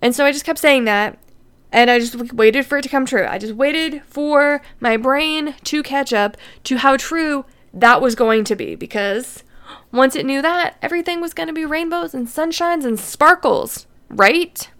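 A woman podcast host telling a personal story in a casual monologue, chatty and animated, often repeating words and acting out her own panicked thoughts. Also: sits high, measured pace, clean tone. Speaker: podcast host and money coach.

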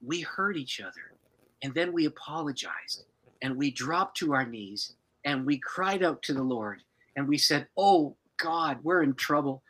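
A woman's voice: sits low, expressive, a little slow, breathy edge, full character voice, low-quality recording. A man voicing a tearful young wife pleading. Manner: pleading, emphatic.

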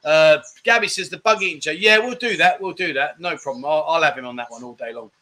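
A man's voice: fairly high pitch, fast, bright, forceful tone. A middle-aged British man hosting a casual live-stream chat show, reading viewer comments in a jokey, rambling way and calling people mate.

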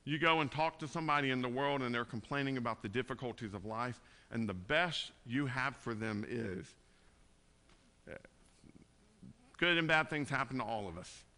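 A man delivers a sermon in a conversational way, dropping soft and then rising into loud emphasis. His voice has a bright, forceful edge at a middle pitch. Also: normal speed. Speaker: pastor.

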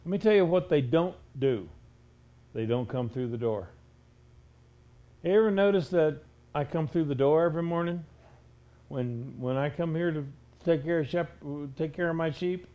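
High-voiced stern male preacher. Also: normal speed, pauses often, muffled recording. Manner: emphatic, rhetorical questions, stern. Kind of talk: sermon.

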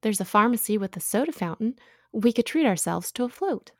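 A woman's voice: medium pitch, expressive, fairly quick, darkish tone, dry recording, studio quality. A woman playing a sweet, prying motherly housewife. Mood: coaxing, chatty. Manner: soothing, coaxing, chatty. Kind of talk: audio drama acting.

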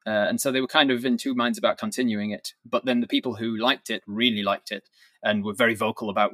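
A man, a dungeon master, talking as an interview guest in a relaxed, explanatory way with occasional chuckles. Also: medium pitch, quick pace, dry recording. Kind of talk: casual interview.

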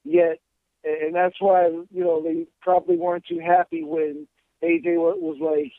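High-voiced sarcastic man on a phone line. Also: little pitch movement, a little slow, gravelly, dry recording. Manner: profane, sarcastic ranting. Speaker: co-host of wrestling podcast. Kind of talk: casual chat.

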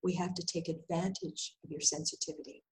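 A woman's voice: on the low side, brisk, slight background noise, poor audio. An older woman, a guest healer, telling a personal story in conversation and acting out the dialogue. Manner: animated, acts out dialogue in voices.

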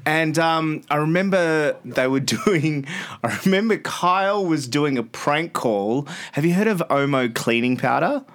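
Speaking as a guest on a podcast, a thirty-something Australian radio host shares meandering stories in a relaxed studio interview, frequently breaking into laughter mid-sentence. His fairly high voice is animated, unhurried and a bit bright.

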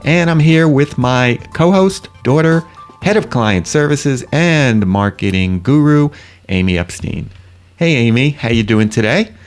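A man's voice: medium pitch, unhurried, soft background music. Older New York man hosting a podcast. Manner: relaxed, joking. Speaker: podcast host, retired orthodontist. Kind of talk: casual podcast chat.

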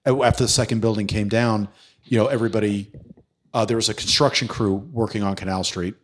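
A man's voice: lowish voice, a little fast, slight background noise. A middle-aged man, a former police detective, telling a story in a casual interview, acting out what people said and swearing freely. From New York City. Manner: animated storyteller who acts out quotes, swears freely.

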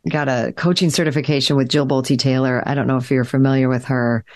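A woman with a low voice chats on a podcast. She tells a long, winding story, stopping and restarting often and filling gaps with small words. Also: fast. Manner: rambling, animated storytelling with many fillers. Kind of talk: podcast conversation.

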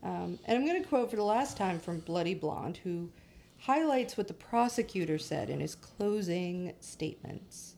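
A woman's voice: fairly low pitch, lively intonation, normal speed, gravelly, a little mellow, slight background noise. A woman hosting a casual true-crime podcast, telling the story to her co-hosts and laughing often. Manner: laughs often, puts on a lofty voice for quotes. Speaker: podcast host. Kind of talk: casual true-crime chat, reading quotes.

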